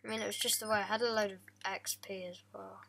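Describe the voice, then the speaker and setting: A woman's voice: mid-range voice, flat delivery, fast, creaky, pushed and bright, slight background noise. A young woman casually commenting on her own gameplay, joking, chatty and playful, chatting to the animals in the game. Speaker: gaming vlogger.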